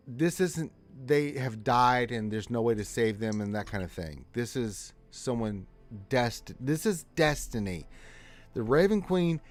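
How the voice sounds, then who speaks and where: A man running a tabletop game as game master, exasperated and explaining the lore at length. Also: medium pitch.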